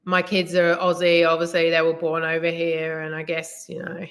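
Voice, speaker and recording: A woman's voice: fairly low pitch, monotone, normal speed, vocal fry. Chatty middle-aged English woman, roomy sound. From England, West Midlands. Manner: chatty and rambling, full of "like" and "you know". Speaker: live-streaming delivery driver. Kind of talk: casual live-stream chat. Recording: roomy echo.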